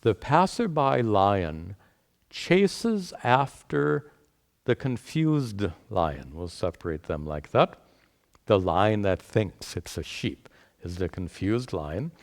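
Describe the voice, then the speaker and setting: A man teaching a spiritual lecture, retelling a parable in a deliberate, explanatory way. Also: fairly low pitch, big pitch swings. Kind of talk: lecture with storytelling.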